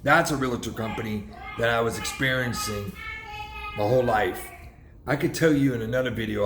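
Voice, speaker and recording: A man tells a story in a loose, casual vlog way, emphatic and rambling, with his sentences often restarting midway. His voice sits at an ordinary middle pitch. The recording carries a roomy echo and a faint wash of ambience behind him. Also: background noise. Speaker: realtor vlogger.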